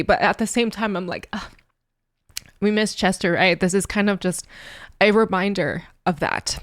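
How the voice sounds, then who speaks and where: A woman's voice: mid-range voice, normal speed, no room sound, clean studio sound. A woman hosting a music reaction video, talking in an earnest, rambling, emotional way. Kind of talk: casual reaction commentary.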